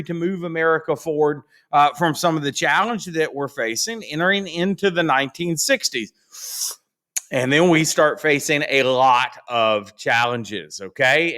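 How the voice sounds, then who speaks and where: Guy teaching a history lesson, bright voice, super casual with lots of fillers. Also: on the high side. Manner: casual, chatty, many fillers, acts out quotes. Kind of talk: recorded classroom lecture.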